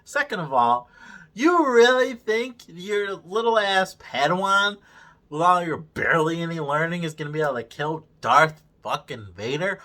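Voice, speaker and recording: A man's voice: on the high side, animated, moderate pace, pushed and bright. A man hosting a casual review, ranting with constant profanity and exasperated sarcasm. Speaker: show host reviewing a series.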